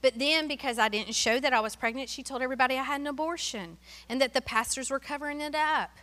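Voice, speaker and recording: A middle-aged woman from Tennessee giving an animated, emotional sermon-style testimony that drops to hushed asides. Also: sits high, quick pace, in a large hall.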